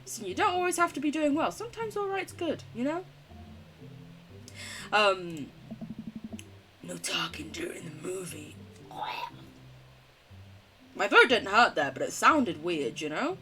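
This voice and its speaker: A woman's voice: high voice, big pitch swings, a little fast, hardly any pauses, sharp tone, faint music behind. A young woman streaming a game, reading its text aloud and chatting casually, often giggling and swearing. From United Kingdom. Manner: giggly, swears casually, chats with chat between read lines.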